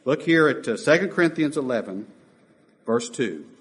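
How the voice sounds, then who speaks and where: A man preaching a sermon, emphatic, with sudden loud peaks. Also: mid-range voice, expressive, normal speed. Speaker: pastor.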